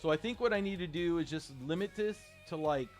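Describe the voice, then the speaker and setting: A middle-aged man hosting a game livestream, talking casually, halting and repeating himself as he speaks from the heart. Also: high voice, soft background music. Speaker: livestream gamer host.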